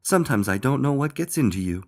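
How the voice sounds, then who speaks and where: A man's voice: medium pitch, expressive, fast talker, pitched above the performer's own voice, lightly acted. A man voicing an exasperated mother who scolds. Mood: scolding.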